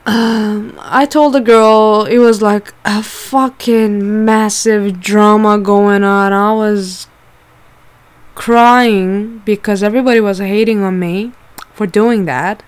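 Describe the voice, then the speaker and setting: A woman candidly telling a personal story in a casual way, swearing often and using lots of fillers. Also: mid-range voice.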